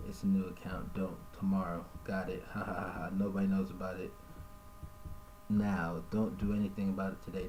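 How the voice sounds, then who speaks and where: Low, dark-voiced man streaming. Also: little pitch movement, normal speed, soft background music, rough recording. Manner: conversational, reads quotes aloud in a higher voice. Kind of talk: live-stream commentary reading messages aloud.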